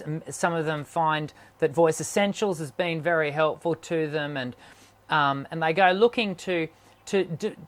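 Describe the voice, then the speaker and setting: A male host of a voice-coaching show sets up his questions in a measured, careful way. He often restarts a phrase before finishing his thought. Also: on the high side. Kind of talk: interview questions.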